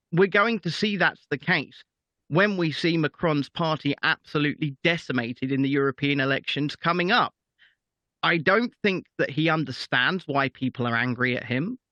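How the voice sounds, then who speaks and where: A man's voice: fairly high pitch, bright, forceful tone, no echo, dull audio. A man giving emphatic political commentary as a guest, often repeating himself.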